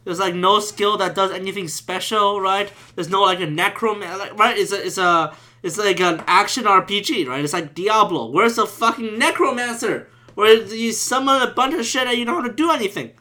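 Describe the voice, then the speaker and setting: Bright-voiced man ranting profanely. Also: high-pitched, moderate pace. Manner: profane, ranting, frequent restarts. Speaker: gaming commentator. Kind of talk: casual rant to camera.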